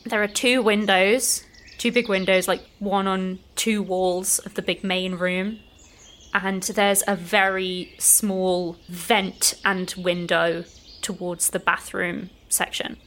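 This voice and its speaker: A woman running a tabletop role-playing game, describing the scene to players in a relaxed way, full of "like" fillers. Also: mid-range voice, slow pace. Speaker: game master.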